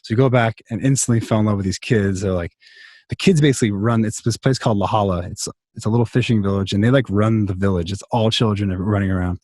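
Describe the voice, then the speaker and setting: Low-voiced man rambling on a video call. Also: quick pace, a little mellow, dry recording, studio quality. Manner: rambling, many restarts and fillers. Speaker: songwriter guest. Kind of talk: casual interview storytelling. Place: home, over a video call.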